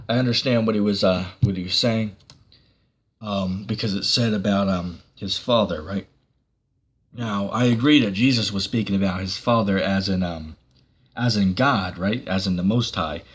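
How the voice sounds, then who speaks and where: A man's voice: lowish voice, husky. A man giving a casual online sermon, rambling with many fillers and breaking into sarcastic bursts. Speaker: preacher.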